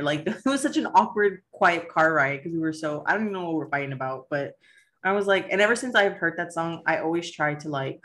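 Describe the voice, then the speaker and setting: Blunt, foul-mouthed woman in casual chat. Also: low voice. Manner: blunt, profane, animated storytelling. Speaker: podcast co-host. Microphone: studio mic.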